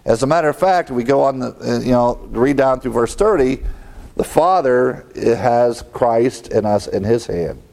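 A man preaching an expository sermon in an earnest teaching tone. His voice sits in a middle pitch, and he quotes scripture and asks his listeners rhetorical questions. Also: expressive, unhurried, vocal fry, darkish tone.

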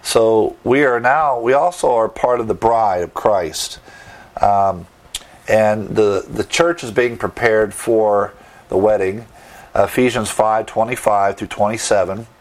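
A man's voice: on the low side, a little slow. A man preaching a sermon, teaching verse by verse with emphatic asides and rhetorical questions. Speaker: pastor.

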